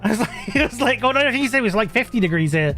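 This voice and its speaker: A man's voice: very high voice, animated, quick pace, bright, forceful tone, soft background music. A British man streaming live, telling a story in casual chat, rambling with lots of fillers and restarts and laughing often. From Britain. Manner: laughs often mid-sentence.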